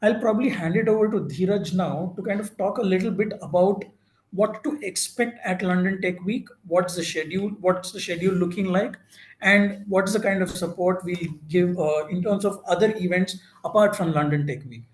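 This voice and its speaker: A man's voice: sits high, moderate pace, echoey room, poor audio. A man giving an informal presentation at an info session, talking with many fillers and restarts.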